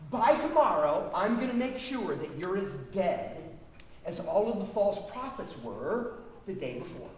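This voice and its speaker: A man's voice: high-pitched, very animated, unhurried, a little mellow, voice pushed down. A male preacher voicing a threatening, vengeful queen, recorded from a distance in an echoey hall. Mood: menacing. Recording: echoey hall, distant mic, faint noise.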